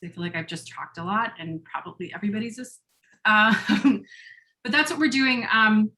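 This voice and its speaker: A woman's voice: medium pitch, moderate pace, sharp tone. A woman organizer presenting on a video call, earnest, with many fillers and rising feeling. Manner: earnest, fillers, grows emotional. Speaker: campaign organizer.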